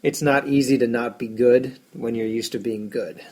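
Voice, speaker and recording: A man's voice: mid-range voice, steady tone, moderate pace, a little mellow. A man co-hosting a podcast about fantasy baseball, rambling in casual chat and making fun of himself. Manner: self-deprecating, rambling with restarts.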